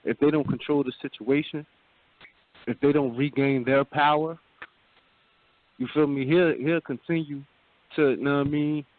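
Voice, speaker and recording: A man's voice: fairly high pitch, fairly even intonation, normal speed, long pauses. A man co-hosting a radio talk show, laid-back and repetitive, often checking in with his listeners. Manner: laid-back, repeats himself, says "you feel me" often. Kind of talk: casual frank chat. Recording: dry phone-like sound.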